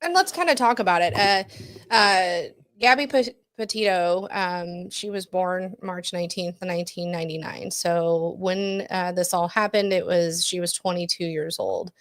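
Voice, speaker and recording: A podcast co-host retells a true-crime case in casual, chatty fashion, full of fillers, self-corrections and easy laughs. Her lowish, fairly bright voice moves at normal speed, with no echo.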